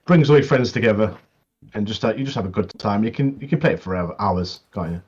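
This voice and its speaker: Husky man on a lo-fi mic. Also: on the low side, quick pace. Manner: laughs often, animated retellings. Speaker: podcast co-host. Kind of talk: casual gaming chat.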